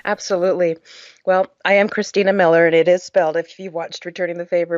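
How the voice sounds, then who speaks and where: A woman's voice: on the low side, little pitch movement, quick pace, a little mellow, no room sound, highs cut off. A woman guest on a podcast, earnestly telling her personal story in an emotional way, with frequent "uh" fillers. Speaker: podcast guest, charity founder.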